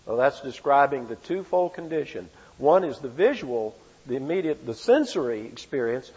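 Older preacher, husky voice in a big hall. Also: male voice, mid-range voice, big pitch swings, moderate pace, a little mellow. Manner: emphatic, with rhetorical questions and repeated phrases. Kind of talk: expository sermon. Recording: reverberant hall, dull lo-fi sound.

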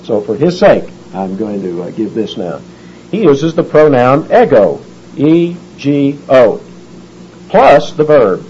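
Man giving a sermon-style Bible lesson, mid-pitched voice, lots of uhs, muffled recording. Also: very animated, slow pace, mellow, a little hiss or hum. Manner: explanatory, folksy, with many fillers. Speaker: Bible teacher. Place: church or meeting room with a live audience. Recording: dull lo-fi recording.

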